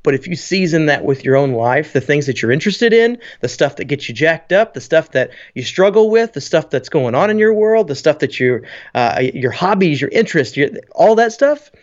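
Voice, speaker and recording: A man who is a pastor and podcast co-host, talking in an energetic, joking way. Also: fairly high pitch, normal speed, few pauses, muffled recording. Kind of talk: podcast conversation.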